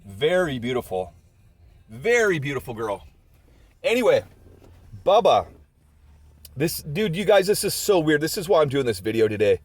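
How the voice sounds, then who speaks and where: A man's voice: fairly high pitch, sing-song, normal speed, pauses often, breathy edge, no echo. A man in his forties telling rambling, chatty stories about his dogs in a casual vlog. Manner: rambling, chatty storytelling with many asides. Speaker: dog owner vlogger.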